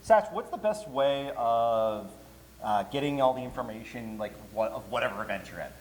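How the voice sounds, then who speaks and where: A man's voice: medium pitch, moderate pace. A man, a convention's programming director, giving a joking, chatty panel talk to a live audience. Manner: joking, chatty, lively with laughs. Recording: hall reverb, faint room noise.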